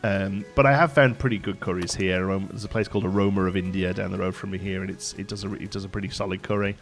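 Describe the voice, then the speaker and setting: A man's voice: low voice, steady tone, fast talker, soft background music. A man, chatting casually and rambling as he streams a game and answers chat. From England, Staffordshire. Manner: rambling, chatty, many fillers and restarts. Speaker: live streamer. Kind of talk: casual chat while gaming, reading chat aloud.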